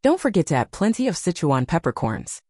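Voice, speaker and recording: A woman's voice: on the low side, sing-song, fairly quick, warm tone, slightly rough, no echo, studio quality. A woman voicing a bold, cheeky young heroine in an audiobook. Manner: cheeky, arrogant. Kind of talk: audiobook character voice.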